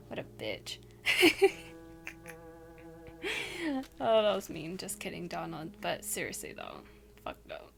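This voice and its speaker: A woman's voice: medium pitch, animated, unhurried. A woman hosting a casual read-aloud storytime, with blunt, chatty asides that include swearing. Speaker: channel host. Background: faint music and noise from outside.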